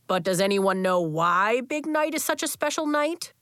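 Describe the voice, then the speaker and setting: A woman voicing a booming, enthusiastic male gym coach in a children's audiobook, calling out to a room of kids. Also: expressive, moderate pace, a bit bright, smooth, no echo, clean studio sound, lightly acted. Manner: booming, rallying.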